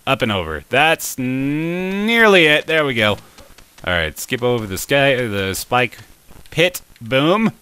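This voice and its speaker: A young man giving let's play commentary, excitable and talking to the game, with frustrated exclamations and laughs. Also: medium pitch, unhurried, clean tone. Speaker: gameplay commentator.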